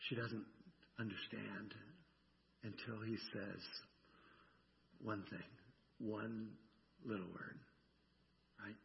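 A man's voice: lowish voice, steady tone, slow, gravelly, pauses often, noisy background. A male pastor preaching a sermon in a conversational way, often asking "right?" and acting out the lines he quotes. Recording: dull sound with long hall reverb.

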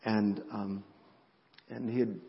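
Middle-aged man, pastor, emotional sermon, hushed then fervent, muffled, echoing hall. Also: fairly low pitch, little pitch movement, slow pace, gravelly. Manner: emotional, swings from hushed to rising intensity. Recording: muffled sound in a reverberant hall.

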